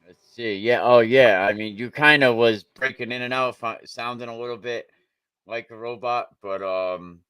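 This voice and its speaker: A man's voice: medium pitch, steady tone, moderate pace, fairly bright tone, smooth, no room sound. Blunt opinionated man talking local sports. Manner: blunt, opinionated, repeats himself. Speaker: show host. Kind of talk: casual sports talk.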